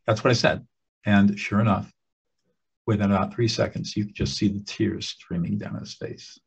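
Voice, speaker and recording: A man with a low, husky voice tells a story at an easy pace and brings the people in it to life by acting out their lines. The recording is muffled and lo-fi. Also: moderate pace. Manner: animated storyteller, acts out quoted voices. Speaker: teacher of emotional skills. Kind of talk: storytelling talk.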